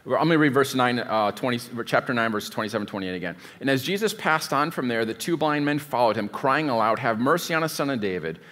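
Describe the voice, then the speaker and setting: A man's voice: medium pitch, expressive, fast, hardly any pauses, a bit bright. A man preaching a sermon as pastor, in a conversational, digressive way, often stopping to rethink a sentence. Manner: conversational, digressive, thinks aloud mid-sentence.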